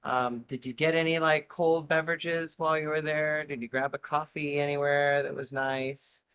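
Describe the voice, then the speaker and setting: A man's voice: fairly high pitch, flat delivery, normal speed, fairly bright tone, smooth. A man interviewing a guest, asking curious follow-up questions and laughing easily.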